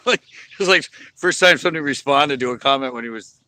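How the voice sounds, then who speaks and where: A man's voice: mid-range voice, animated, a little fast, bright, forceful tone, no echo. A man hosting a fishing livestream outdoors at a lake, chatting casually into his phone and laughing often. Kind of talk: casual chat while fishing. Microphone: phone camera.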